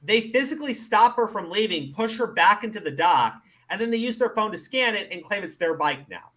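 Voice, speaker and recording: A man's voice: sits high, expressive, brisk, pushed and bright. A man hosting a commentary show, ranting with exasperation and plenty of profanity.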